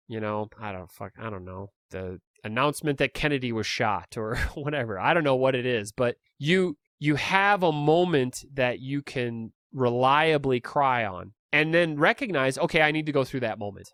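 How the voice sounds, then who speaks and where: A man talks through his solo podcast in a loose, rambling way, chuckling at himself as he goes. His pitch sits in a middle range for a man. The recording is dry and close, with no room sound. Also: no echo. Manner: relaxed, rambling, self-deprecating with chuckles. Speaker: podcast host. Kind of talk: casual solo monologue.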